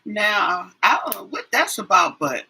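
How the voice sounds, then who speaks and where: Slow, husky woman tarot reader. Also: medium pitch, sing-song, bright, forceful tone, poor audio. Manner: chatty, rambling, many fillers and repeats. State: yawning often. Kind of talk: casual live tarot chat.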